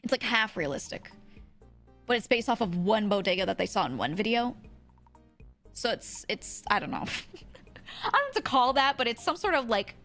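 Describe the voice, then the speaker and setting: A woman's voice: a little high, sing-song, moderate pace, pauses often, fairly bright tone, soft background music. A woman from New York chatting casually with her viewers, rambling, swearing and laughing often. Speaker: streamer.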